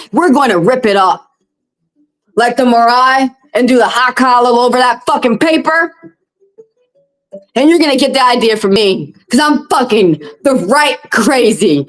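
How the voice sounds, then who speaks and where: Brief: higher-voiced woman, tarot livestream host, passionate and profane. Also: low-quality recording. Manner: impassioned, profane, blunt. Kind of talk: heated livestream monologue.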